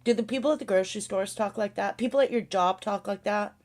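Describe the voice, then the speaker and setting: A woman's voice: medium pitch, fast talker, a little mellow. A woman hosting a casual live chat, ranting sarcastically, swearing often and laughing a lot. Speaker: livestream host.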